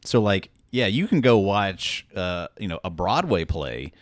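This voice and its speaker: A man co-hosting a podcast in casual chat, animated, swearing freely and stammering on restarts. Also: deep voice, unhurried, dry recording. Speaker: podcast co-host.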